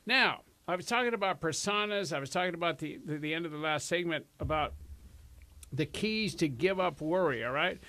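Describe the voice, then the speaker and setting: A man's voice: a little high, a little fast, sharp tone. A man hosting a casual self-help talk show, chatty and rambling, laughing often. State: out of breath. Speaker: host.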